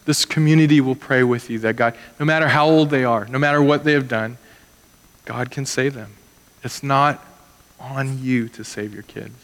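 A man's voice: medium pitch, moderate pace, fairly bright tone, long reverb tail. A man pastor preaching a sermon in an earnest, conversational way, acting out the people in his stories.

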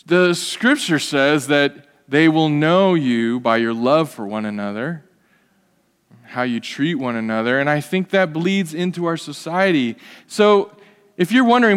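A man preaching a sermon in a church sanctuary, his fairly high voice ringing through a long hall reverb. He talks to the congregation in a loose, conversational way and drops in humorous asides. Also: measured pace, clear, resonant tone. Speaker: pastor.

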